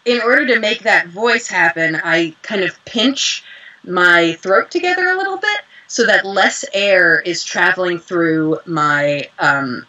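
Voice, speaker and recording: Woman, young adult, voice actress guest, bright tone, a bit low-pitched, animated storytelling. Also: highs cut off. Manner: animated storyteller, acts out quotes. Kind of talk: casual interview chat.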